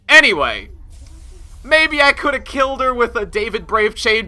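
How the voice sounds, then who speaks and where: Excitable man with bright, lively voice. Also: brisk, faint music behind. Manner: excitable, laughing, swings from loud outbursts to low mutters. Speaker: game streamer. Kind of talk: excited gameplay commentary.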